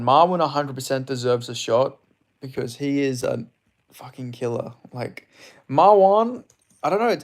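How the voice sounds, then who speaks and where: Casual young Australian male streamer, slight English tinge, loose rambling delivery with offhand swearing. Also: mid-range voice. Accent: Australian, somewhat mixed with English. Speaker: MMA livestream host. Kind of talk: casual livestream chat answering viewers.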